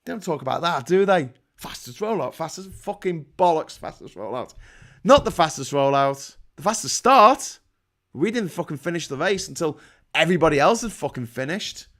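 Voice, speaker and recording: A man's voice: a little high, lively intonation, normal speed, a bit bright. A man with a British accent hosting a livestream, ranting angrily about politics with constant swearing and sarcasm. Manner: profane, sarcastic, angry. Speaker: livestream host.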